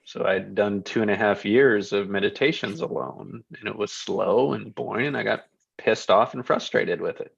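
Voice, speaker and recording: A man's voice: on the low side, normal speed, creaky, husky, dry recording, muffled recording. A man who organizes a group, talking in a rambling, enthusiastic way and repeating himself. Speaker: group organizer, business owner. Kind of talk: casual group chat.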